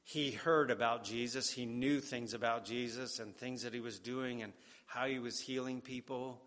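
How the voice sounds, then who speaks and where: A man preaching a sermon, deliberate and emphatic, repeating key words for weight. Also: mid-range voice, fairly even intonation, a bit bright. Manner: slow and deliberate, with emphatic repetition. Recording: long hall reverb.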